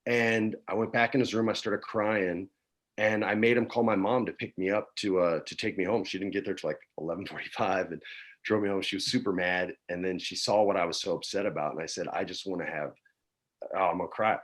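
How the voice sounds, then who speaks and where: A man in his forties from New Mexico, a guest telling stories in a relaxed chat, dropping "man" and "dude" often, on a video call from home. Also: low voice, a little fast. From New Mexico, USA. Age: 40s. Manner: laid-back, peppers talk with "man" and "dude". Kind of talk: casual storytelling chat.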